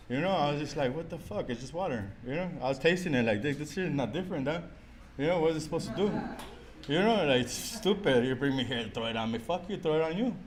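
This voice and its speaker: A middle-aged man giving a profane, animated, rambling recovery share at a meeting. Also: mid-range voice, a little hiss or hum. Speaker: alumni meeting speaker.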